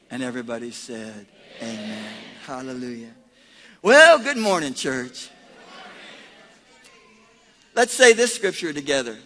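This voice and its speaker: A man preaching as pastor, leading a congregation in call-and-response and swinging between shouted praise and quiet prayer. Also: mid-range voice. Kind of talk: sermon.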